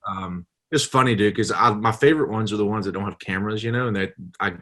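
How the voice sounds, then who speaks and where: A Southern man talks as a podcast guest in a fairly low voice. He is chatty and laid back, and his anecdotes are loose and full of fillers. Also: fast, fairly bright tone. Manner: chatty storyteller, many fillers. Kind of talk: casual chat.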